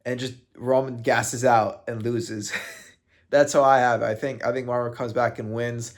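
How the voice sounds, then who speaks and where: A man's voice: mid-range voice, little pitch movement, moderate pace. A man commenting on combat sports in a casual fight breakdown, joking and laughing often.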